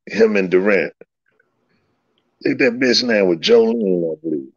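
A man spins a profane yarn with a lively, swooping delivery and plenty of laughter, acting out what everyone said. His low voice carries a gravelly edge. The recording is dry and a bit dull and lo-fi. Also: measured pace, dry recording. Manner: animated, profane, laughs often, reenacts dialogue. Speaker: guest recounting old stories. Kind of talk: casual profane storytelling. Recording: slightly dull lo-fi sound.

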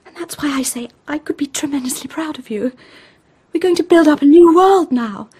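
A woman's voice: high voice, moderate pace, mellow, close to an everyday voice. An actress playing Madge, an earnest, idealistic young woman urging a friend on, in a radio play. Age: young adult.

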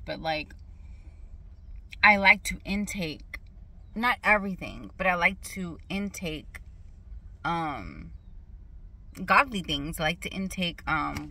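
A young woman gives a casual faith testimony from her car, her voice pitched on the low side yet bright and sharp in tone. She rambles, circles back on herself and speaks with emphatic conviction. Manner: rambling, emphatic, loses her train of thought. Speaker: faith vlogger. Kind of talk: casual spoken testimony with scripture reading. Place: parked car.

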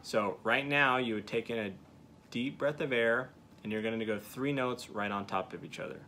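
Male instructor, bright crisp voice, patient step-by-step demo, light hiss behind. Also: medium pitch, moderate pace. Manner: patient step-by-step coaching, frequent "okay" check-ins. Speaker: duck calling instructor. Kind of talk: hands-on teaching demonstration.

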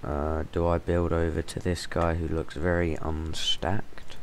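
A man talks through a video game in a deep, low voice and an unhurried delivery. He chatters casually and bursts into sudden exclamations. There is a faint hiss of noise behind him. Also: flat delivery. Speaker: gaming channel host. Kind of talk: gameplay commentary. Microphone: temporary stand-in mic.

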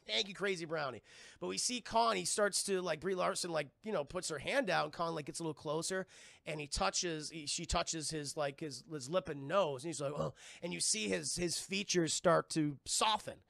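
A man streaming a casual movie review, excitable and profane, often restarting his sentences. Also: a little high, normal speed, vocal fry, no room sound. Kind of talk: casual livestream commentary.

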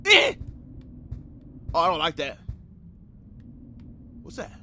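Excitable man, horror gameplay commentary, high pitch, wildly varied pitch. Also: slow pace, a little hiss or hum. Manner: loud, excitable, screams at jump scares, slangy. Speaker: gamer. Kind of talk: horror game let's play commentary.

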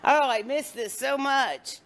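A woman's voice: high voice, a little slow, a bit bright. A middle-aged woman filming at a horse barn and chatting casually with her family, laughing often. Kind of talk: casual chat while filming. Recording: clear outdoor barn noise behind.

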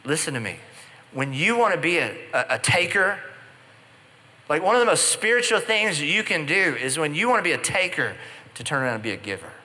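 A male pastor preaching in a large church auditorium on a stage microphone. His voice is bright and forceful, and the sound rings with a long hall reverb. He tells stories in a relaxed, conversational way with playful asides. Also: a little high, a little fast. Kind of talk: sermon.

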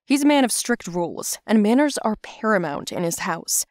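A woman voicing a firm but loving mother in an animated story, matter-of-fact in tone. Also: medium pitch, normal speed, no room sound, studio quality, lightly acted.

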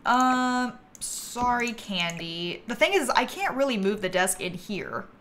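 A woman livestreaming a game, chatting casually and thinking aloud, with bursts of giggly excitement. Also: on the high side, measured pace. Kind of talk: casual gameplay commentary.

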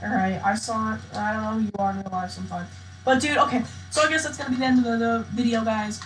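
A woman giving excitable, slangy live gameplay commentary as a channel host, often bursting into loud shouts. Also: on the high side, fast talker, faint music behind. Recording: echoey room with faint noise.

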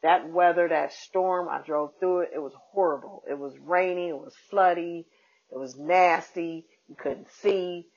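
A woman comedian and podcast host telling a casual, animated story and acting out the people in it. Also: fairly low pitch, unhurried. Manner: animated, acts out quoted people. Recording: dull lo-fi podcast audio.

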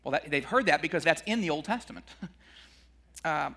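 A man's voice: normal speed, gravelly, pauses often, big-room sound. A man giving a conversational sermon on scripture, acting out the disciples' complaints and chuckling between points. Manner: animated, acts out disciples' complaints with a jump in pitch. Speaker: Christian speaker teaching scripture.

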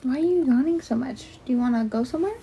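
A young woman talks casually to her livestream viewers from home, rambling and padding her sentences with filler words. Her voice sits a little high for a woman. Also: fast, mellow, slight background noise.

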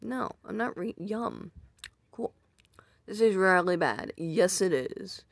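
Reading viewer comments out loud, a YouTuber rambles casually and pokes fun at their own old videos, reacting self-deprecatingly. The voice is mid-range, animated and gravelly at a slow pace, in a dry, studio-quality recording.

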